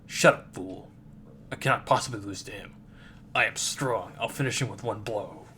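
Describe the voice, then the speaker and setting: Man doing arrogant teen boy rival, haughty, contemptuous, low and subdued. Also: moderate pace, pushed and bright, a little hiss or hum. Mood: scornful. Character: arrogant proud teenage boy shaman rival.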